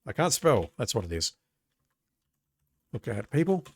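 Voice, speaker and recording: Man doing game commentary, wry and sarcastic, lively pitch, dry close sound, typing heard. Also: measured pace, breathy edge, no room sound. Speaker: let's play gamer. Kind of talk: casual game commentary, reading game text aloud.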